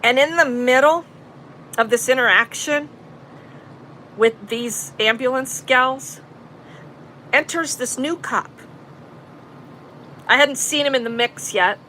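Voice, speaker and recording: A woman's voice: high-pitched, slow, pauses often, bright, forceful tone, slight background noise, low-quality recording. A woman telling a story in casual talk to her live chat, blunt and profane. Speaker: vlogger recounting an arrest.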